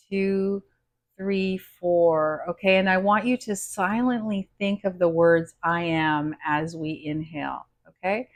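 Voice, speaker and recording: A woman coaching a guided self-help session, gentle and encouraging, often checking in with the listener and counting slowly through breathing exercises. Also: on the low side.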